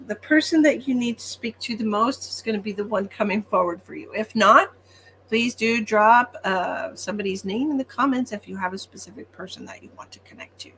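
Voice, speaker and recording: A woman's voice: mid-range voice, fairly bright tone, a little hiss or hum. A woman working as a psychic medium, giving chatty, reassuring readings on a livestream with frequent ums.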